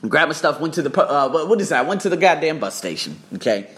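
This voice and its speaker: Animated, swearing male podcast host. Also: fairly high pitch, quick pace. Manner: animated, profane storytelling with acted-out quotes. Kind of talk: casual solo podcast.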